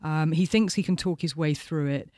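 A man with a high voice co-hosts a casual podcast chat. He retells events with animation and often acts out quoted lines. The sound is dry and close. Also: moderate pace, a little mellow, no echo. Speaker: podcast co-host. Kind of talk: casual chat recounting a documentary.

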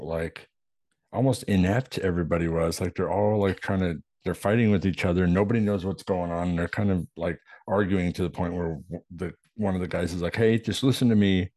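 A man with a low voice talking casually about a movie, recorded close and dry. He is laid-back, leaning on fillers as he talks, and swears offhandedly. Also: dark tone, dry recording. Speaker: podcast co-host. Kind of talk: casual chat about a film.

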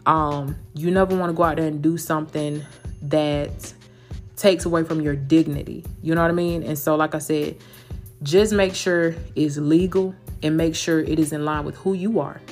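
A woman, hosting a motivational solo podcast in an animated, emphatic way, full of endearments. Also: low-pitched, faint music behind. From United States. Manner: fast-talking. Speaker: podcast host.

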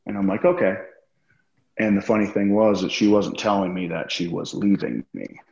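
Deep-voiced man swearing through a story. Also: lively intonation, fairly quick, creaky, darkish tone. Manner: profane, acts out quoted dialogue. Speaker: podcast guest, former wrestler. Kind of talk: casual storytelling interview. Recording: roomy, dull lo-fi sound.

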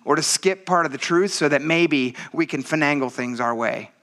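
A man's voice: a little high, normal speed. A man in his thirties preaching a conversational midweek sermon, telling stories and reading scripture aloud. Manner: conversational, animated storytelling with laughs. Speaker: pastor.

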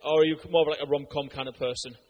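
A man giving a lively sermon, chatty and joking, asking the crowd questions. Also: a little high, racing, in a large hall, low-quality recording. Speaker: preacher.

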